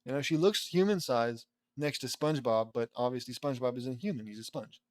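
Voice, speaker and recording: A man's voice: medium pitch, a little fast, dry recording. Dry, sarcastic young man reading aloud. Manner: sarcastic, exasperated asides. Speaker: fanfiction reader and commentator. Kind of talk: mocking read-aloud commentary.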